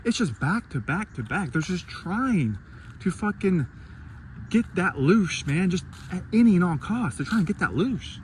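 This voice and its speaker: A man's voice: high-pitched, sing-song, normal speed, a little hiss or hum. A man telling a rambling, profane story about his day, acting out his own reactions in a casual vlog.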